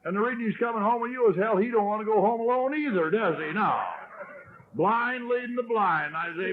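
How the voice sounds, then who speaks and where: A middle-aged man telling his story at a recovery meeting, wry and self-mocking, often clearing his throat. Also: high-pitched, brisk, over a noisy crowd. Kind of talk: storytelling talk. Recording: tinny lo-fi 1970s tape.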